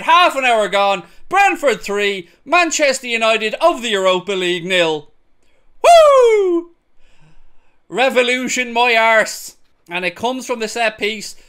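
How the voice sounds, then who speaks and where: A young man reacting to football highlights, shifting from sarcastic mutters to loud whooping cheers. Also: clear, resonant tone. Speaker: football fan reaction host. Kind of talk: excited match-highlights reaction commentary.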